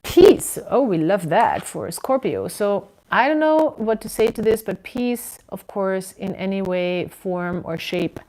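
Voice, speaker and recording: A woman giving a casual tarot reading from indoors at home, musing and unhurried, with frequent ums and soft laughs. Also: mid-range voice, sing-song, low-quality recording. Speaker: tarot reader.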